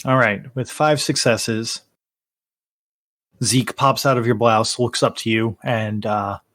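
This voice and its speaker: A man narrating as game master, unhurried, with frequent fillers and self-corrections. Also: medium pitch, steady tone, a bit bright, no room sound, clean studio sound.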